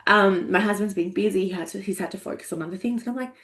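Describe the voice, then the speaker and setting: A woman's voice: medium pitch, quick pace, fairly bright tone. A woman in her forties, a coach, talking candidly and emotionally, swearing freely and laughing at herself. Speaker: energetics coach. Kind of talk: candid casual monologue.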